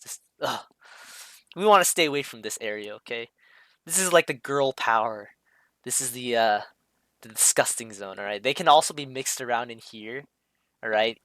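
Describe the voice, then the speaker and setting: Guy rambling over a sketch, bright voice, lots of ums and restarts, dry close mic. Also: medium pitch, no room sound. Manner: hesitant, many fillers and restarts, self-interrupting. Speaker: streamer explaining a drawing. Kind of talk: casual rambling commentary over a drawing.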